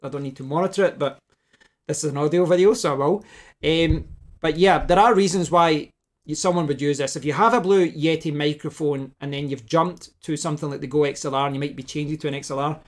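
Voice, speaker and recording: A man hosting a casual tech tutorial, talking through a hands-on demonstration at his home desk, restarting sentences as he works the gear. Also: on the high side. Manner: talks while demonstrating gear, thinking aloud with restarts. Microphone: desk microphone, switching between mics.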